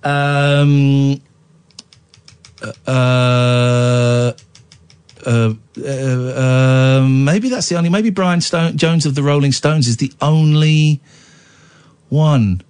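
A man's voice: medium pitch, extremely slow, long pauses, darkish tone, clear, resonant tone. A male radio host chatting jokily on a late-night show, teasing his co-host and callers and slipping into mock accents.

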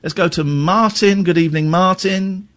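A man's voice: high voice, moderate pace, a bit bright. A man hosting a radio phone-in, playful and teasing, with bursts of exaggerated delight. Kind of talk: late-night radio phone-in chat.

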